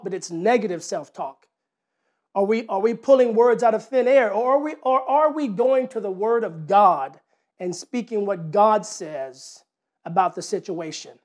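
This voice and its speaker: A man preaching a sermon, talking in a conversational way with rhetorical questions, repeated words and a personal story. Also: high voice.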